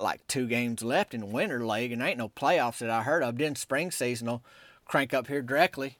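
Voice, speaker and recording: A man with a drawl hosts his podcast, telling comic stories that meander along. His voice sits a touch high and his delivery stays folksy and deadpan. The sound is dry and close, with no room around it. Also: dry recording. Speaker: podcast host. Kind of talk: rambling comic storytelling.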